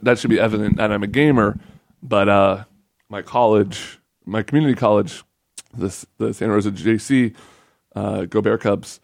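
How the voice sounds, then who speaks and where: A man's voice: fairly low pitch, vocal fry, darkish tone, no echo, studio quality. A young man hosting a casual podcast, rambling and joking about himself. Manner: rambling, joking, self-mocking. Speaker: podcast host. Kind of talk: casual solo podcast chat.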